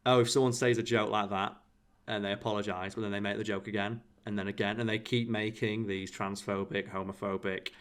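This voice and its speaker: A man's voice: fairly low pitch, little pitch movement, brisk, smooth. A man hosting a casual podcast chat, explaining his points through everyday analogies and acting out short quoted exchanges. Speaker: podcast host. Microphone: podcast microphone.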